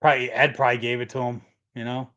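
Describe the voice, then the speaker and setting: A man's voice: medium pitch, flat delivery, fast talker, fairly bright tone. Rambling middle-aged man, lo-fi stream. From Michigan. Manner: rambling storyteller, reads chat comments aloud. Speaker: livestream host. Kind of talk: casual livestream chat.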